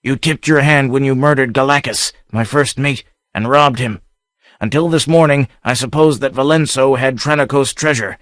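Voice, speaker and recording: A man's voice: medium pitch, moderate pace, fairly bright tone, no room sound, studio quality, voice pushed up, lightly acted. A man voicing a bold, swaggering pirate captain who bellows and mocks, in an audiobook reading. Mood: taunting. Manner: bellowing, mocking.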